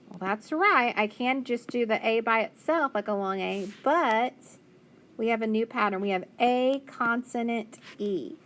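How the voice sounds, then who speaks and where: A woman's voice: medium pitch, a little hiss or hum. A woman teaching a phonics spelling lesson, patiently sounding out letters and praising answers.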